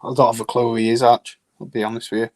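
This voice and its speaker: A man's voice: medium pitch, level tone, rapid-fire, darkish tone, dry recording. A man guesting on a livestream, teasing the host with laughter and swearing. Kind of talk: casual banter.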